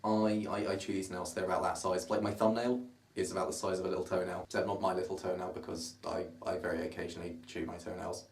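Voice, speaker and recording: Fast-talking young southern English man. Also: low-pitched, flat delivery. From Surrey, south of England. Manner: chatty, self-mocking, wanders off topic. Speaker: vlogger. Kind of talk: casual rambling monologue to camera. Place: his bedroom. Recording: roomy bedroom, camera at a distance.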